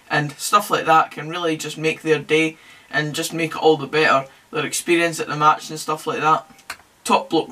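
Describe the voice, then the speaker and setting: A man's voice: a little high, bright, forceful tone, recorded from a distance. A young man hosting a casual football podcast, chatty and jokey with wry asides. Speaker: podcast host. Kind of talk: casual solo football commentary.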